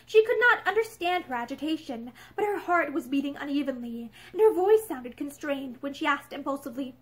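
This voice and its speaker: A woman narrates a novel aloud with expressive storytelling. Her voice is high and animated, with wide swings of pitch. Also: brisk, few pauses. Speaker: reader. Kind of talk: audiobook narration. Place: indoor room with bookshelves.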